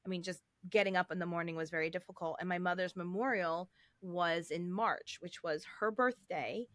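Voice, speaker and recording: A middle-aged woman hosting a faith podcast, telling a personal story in an earnest, heartfelt way with soft fillers. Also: on the low side, moderate pace, no room sound. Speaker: podcast host. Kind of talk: casual faith podcast conversation.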